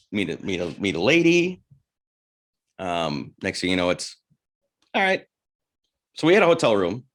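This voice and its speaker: A man's voice: on the low side, fairly bright tone. A man co-hosting a casual podcast, telling a crude, rambling anecdote with many restarts. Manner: rambling, self-interrupting storyteller with crude humor. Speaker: podcast co-host. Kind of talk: casual storytelling chat.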